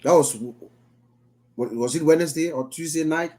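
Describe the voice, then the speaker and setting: A man on an online group call, calmly explaining an update with a few hesitations. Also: fairly high pitch, normal speed, crowd noise. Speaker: meeting participant.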